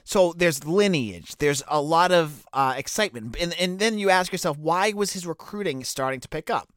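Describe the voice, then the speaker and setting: Boston guy riffing on recruiting, lively up and down voice, dry close sound. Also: fairly high pitch, normal speed, dry recording. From Boston area. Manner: conversational, many fillers and restarts. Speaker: college football recruiting analyst. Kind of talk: casual solo commentary.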